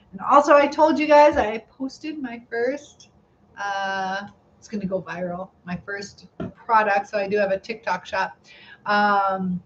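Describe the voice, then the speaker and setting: A middle-aged woman chats slowly and unhurriedly on her live stream, giggling as she reads viewer comments aloud. Her voice comes through a phone mic with a slightly dull, lo-fi sound and faint background noise. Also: medium pitch. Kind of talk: casual live-stream chat reading comments.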